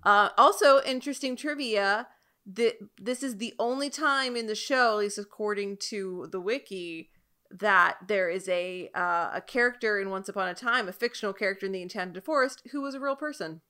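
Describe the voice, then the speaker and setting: Bright-voiced woman sharing trivia. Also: mid-range voice, clean tone. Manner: chatty, trivia-sharing, halting. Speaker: podcast co-host. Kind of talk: casual chat.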